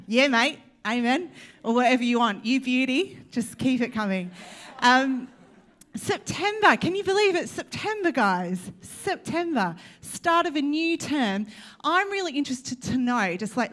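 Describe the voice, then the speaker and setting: A woman's voice: fairly high pitch, a bit bright. Chatty Australian woman preaching. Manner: chatty, joking, addressing the congregation directly. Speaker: church speaker. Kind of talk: casual sermon.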